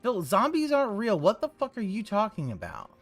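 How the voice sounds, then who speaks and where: A man's voice: high voice, huge pitch swings, a little fast. A man making profane, mocking asides over a stream he is watching. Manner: profane wisecracks. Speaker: co-watcher commenting. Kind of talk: mocking side commentary.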